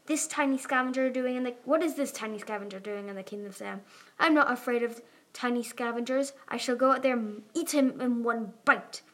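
A woman's voice: on the high side, fairly quick, fairly bright tone. A woman voicing a small, timid young female dragon pretending to be a grand queen. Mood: mock grand. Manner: hesitant, playacting a grand queen.

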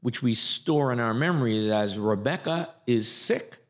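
A man who coaches actors, explaining his ideas in a lively, repetitive way during a conversational interview. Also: medium pitch, unhurried. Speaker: acting coach.

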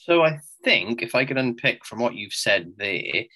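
Bright-voiced man in his forties. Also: mid-range voice, very animated, moderate pace, slightly rough, poor audio. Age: 40s. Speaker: podcast co-host. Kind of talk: casual chat.

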